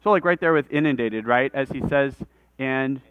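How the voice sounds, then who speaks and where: A man teaches a room full of people in a relaxed, conversational way. His voice is smooth and clear, with a dry, slightly dull lo-fi recording sound. He explains things step by step and talks with his hands. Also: medium pitch, a little fast, dry recording. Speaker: workshop presenter. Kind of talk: live workshop lecture. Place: conference room with audience.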